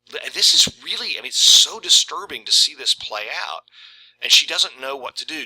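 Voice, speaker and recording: A man talks through a short story in a loose, conversational way and keeps checking in with "right?". His voice is very bright and sharp. It sits at an ordinary male pitch. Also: lively intonation, normal speed, poor audio. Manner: conversational, frequent "right?" asides. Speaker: literature video presenter. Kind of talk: casual discussion of a short story, reading passages aloud.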